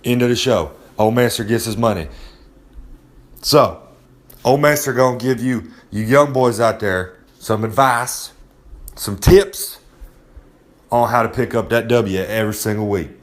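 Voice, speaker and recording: A man's voice: medium pitch, unhurried, pauses often, close to an everyday voice. A man playing a brash, boastful pro wrestler persona in a rambling comedic monologue, cocky and talking down to his listeners. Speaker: recurring segment host.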